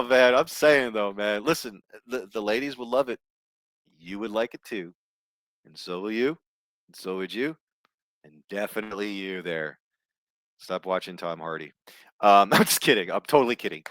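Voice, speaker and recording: A man's voice: medium pitch, a bit bright, dry recording. A man ranting on a movie news show, blunt and profane, reading headlines aloud and tossing in asides. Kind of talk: casual ranting commentary.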